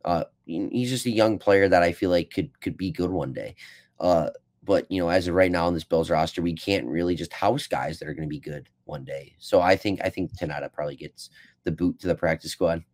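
A man's voice: sits low, brisk, a little mellow. A man co-hosting a casual sports podcast, talking hesitantly with lots of restarts. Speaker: podcast co-host.

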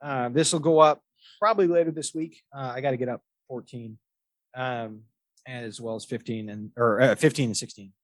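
A man's voice: mid-range voice, steady tone, moderate pace, dry recording. A man hosting a podcast in casual chat, telling stories in a rambling way with lots of fillers and restarts. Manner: rambling storyteller, many fillers and restarts, laughs often. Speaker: podcast host.

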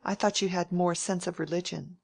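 A woman's voice: on the low side, fairly even intonation, fairly quick, gravelly, darkish tone. A prim, genteel young lady, as a woman reader voices her. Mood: prim, plaintive. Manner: mild and genteel, plaintive when pressed. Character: prim, mild, self-righteous young woman. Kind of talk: audiobook character reading.

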